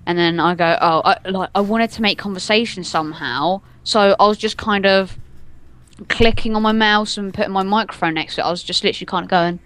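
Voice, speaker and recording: A woman's voice: mid-range voice, brisk, a bit bright. A young adult woman telling a story in casual chat, rambling and giggling, stringing everything together with "and then". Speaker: podcast co-host telling a story.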